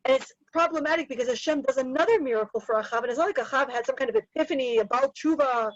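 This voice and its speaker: A woman with a bright, high voice gives a casual Bible lesson, chatty and animated, dropping in Hebrew terms as she goes. The sound is dull and lo-fi, and the room is dead dry. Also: dry recording. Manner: lively, chatty, quick asides with Hebrew terms. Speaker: Bible teacher.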